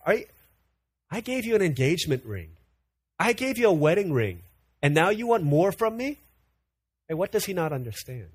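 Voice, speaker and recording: Male pastor, sermon delivery, somewhat high pitch, animated and repetitive, dry recording. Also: breathy edge, no echo. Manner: animated, repeats words when building a point.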